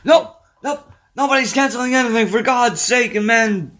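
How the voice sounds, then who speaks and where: A man voicing a gruff, stubborn older father who barks and scolds. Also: extremely high pitch, moderate pace, pushed and bright, voice pushed up. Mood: gruff scolding. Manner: barking, scolding.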